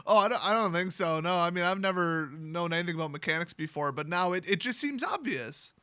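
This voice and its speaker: A man's voice: high-pitched, expressive, brisk, sharp tone, clear, resonant tone, no room sound. A man voicing an insecure, emotional young woman angel in a comic story retelling, flustered and defensive.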